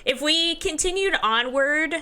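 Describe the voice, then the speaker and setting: A woman hosting a let's-play, chatting cheerfully and explaining the game slowly with fillers. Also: sits high, a loud crowd. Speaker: gaming channel host. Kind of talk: casual let's-play chat.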